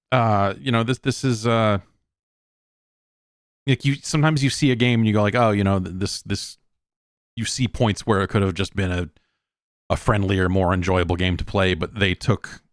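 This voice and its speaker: Host: middle-aged man, lowish voice, dry close sound, loose rambling review delivery. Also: no echo. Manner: rambling, conversational, lots of restarts and asides. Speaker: show host. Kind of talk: casual solo game review talk.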